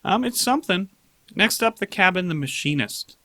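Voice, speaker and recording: A man's voice: high-pitched, expressive, normal speed, bright, forceful tone, no room sound. A man hosting a gaming channel, casually going over patch notes and joking with his viewers. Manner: chatty, joking, reads patch notes aloud. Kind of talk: casual gaming news commentary.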